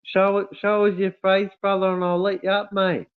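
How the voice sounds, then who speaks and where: A man hosts a casual livestream, reading comments aloud and greeting viewers with effusive warmth. His voice sits a bit high and comes through thin and tinny, like a phone line. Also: flat delivery, normal speed, clean tone. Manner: warm, effusive, calls everyone mate and brother. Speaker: livestream host.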